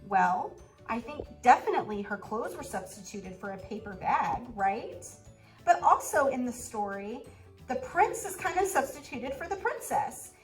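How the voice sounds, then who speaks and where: A woman kindergarten teacher reading a storybook aloud and asking the children questions in an animated way. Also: on the high side, normal speed, soft background music, poor audio. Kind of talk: storybook read-aloud and lesson.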